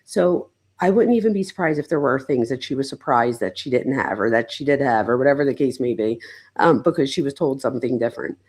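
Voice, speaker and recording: A woman psychologist with an extremely low, expressive voice hosts a casual true-crime livestream. She talks a little fast, her tone a little mellow and slightly rough, chatting loosely with frequent "like"s and self-interruptions.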